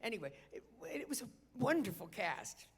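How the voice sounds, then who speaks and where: A woman's voice: mid-range voice, sing-song, normal speed, breathy edge. Self-mocking woman telling a stage story. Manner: chatty, self-mocking, with hesitant restarts. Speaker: guest storyteller at a benefit concert. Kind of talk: live on-stage anecdote. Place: large theater stage. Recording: long reverb of a concert hall.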